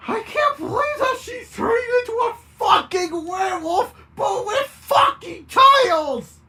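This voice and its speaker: A woman voicing a bewildered man who shouts in alarm at his transforming friend. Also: a bass voice, very animated, slow pace, slight background noise, full character voice. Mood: screaming.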